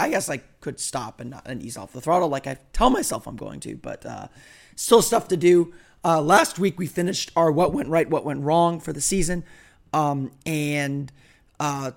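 A hoarse man hosting a solo podcast, talking in a rambling, self-deprecating way. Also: fairly high pitch. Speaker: podcast host. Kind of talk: casual solo podcast talk.

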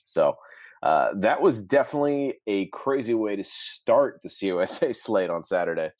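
A man's voice: fairly low pitch, expressive, moderate pace, a little mellow, no echo, studio quality. A man co-hosting a sports podcast, talking casually with easygoing filler words. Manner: conversational, easygoing, frequent "uh" fillers. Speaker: podcast co-host.

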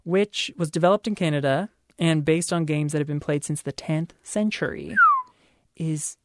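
A woman's voice: deep voice, normal speed, noisy background. A woman hosting a casual chat podcast, playfully telling facts like a story and laughing often. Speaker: podcast host.

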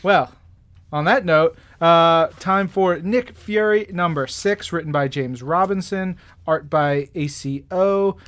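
A man's voice: a little high, slow pace, fairly bright tone. A man hosting a podcast, chatting casually and enthusiastically about comics, rambling with lots of fillers. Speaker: podcast host.

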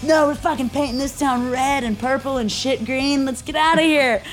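A woman's voice: high-pitched, normal speed. A young woman from Tennessee telling a story in an interview, swearing freely and acting out the quoted voices. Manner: profane, animated, acts out quoted voices. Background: background music.

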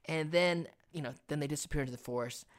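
A young man co-host recaps an episode in casual chat, an animated storyteller who acts out moments as he goes. His delivery is conversational and energetic. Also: a little high, quick pace. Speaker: podcast co-host.

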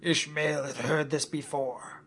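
A man narrating a comic story in a deadpan storytelling manner. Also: fairly high pitch, a little slow, breathy edge.

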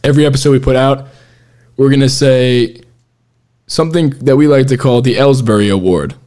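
A man hosting a loose, casual podcast, steering the talk between his friends. He rambles, circles back on his own sentences and keeps breaking into laughs. His voice sits at an ordinary middle pitch. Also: a little fast, warm tone. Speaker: podcast host. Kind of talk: casual chat.

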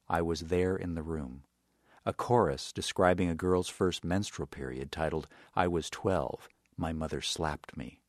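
A man giving scripted documentary narration in a measured, even way. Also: deep voice, no room sound, clean studio sound.

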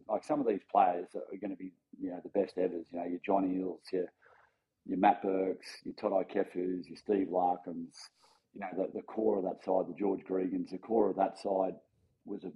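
An Australian man in his forties, a guest in a casual interview, telling anecdotes in a lively way, acting out the voices of people he quotes, with plenty of fillers and restarts. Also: low-pitched, highs cut off.

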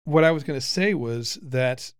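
A man in his forties, a father who hosts a casual conversational podcast, talks at normal speed in a smooth, middle-pitched voice. He's lively and teasing with plenty of stops and restarts, and the recording is dry and close-miked.

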